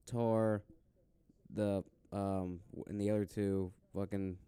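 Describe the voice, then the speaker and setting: Blunt, swearing podcast guy, smooth deep voice. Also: little pitch movement, slow, warm tone, no room sound, studio quality. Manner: profane, blunt, filler-heavy. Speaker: podcast co-host. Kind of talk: casual chat.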